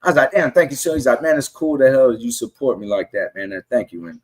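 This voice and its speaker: A middle-aged man on a casual podcast, telling fan stories and acting out quotes in an animated way. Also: medium pitch, quick pace. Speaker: guest fan.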